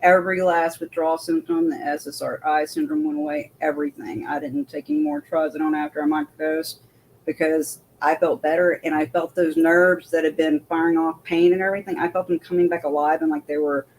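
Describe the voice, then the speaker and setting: A woman's voice: sits low, brisk, a little mellow, slight background noise. A woman, a military veteran, telling her story as an interview guest in a rambling way with many restarts.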